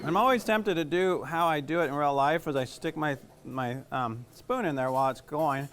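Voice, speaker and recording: Chatty Southern chef, rambling and playful. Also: male voice, a little high, moderate pace, fairly bright tone, a little hiss or hum. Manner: chatty, rambling, self-joking. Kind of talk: casual cooking demonstration.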